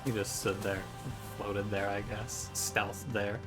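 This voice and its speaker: A man's voice: on the low side, flat delivery, takes it slowly. A man giving joking, wry commentary while playing a video game at home, with mock trash-talk. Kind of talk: gameplay commentary. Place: room at home by a window. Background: game music.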